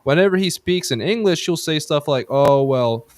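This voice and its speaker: A man's voice: on the high side, a little fast, slight background noise. Heated, profane man hosting a podcast. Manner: heated and profane, rambling with restarts. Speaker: podcast host. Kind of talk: casual political chat.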